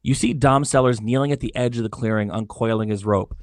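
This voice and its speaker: A man running a tabletop game as game master, narrating in a halting way with his voice going hoarse. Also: medium pitch, fairly even intonation, no room sound, studio quality. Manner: halting, many fillers and restarts.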